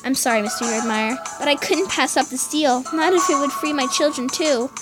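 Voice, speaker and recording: A woman's voice: high-pitched, a little fast, over music, lightly acted. A woman voicing a pleading servant. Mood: justifying. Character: apologetic woman servant, a betraying informant.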